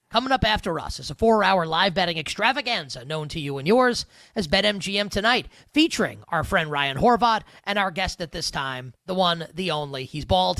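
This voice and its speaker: A man's voice: a little high, a bit bright, dry recording. A man hosting a live sports betting show, joking loosely and rambling with restarts. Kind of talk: casual live show chat.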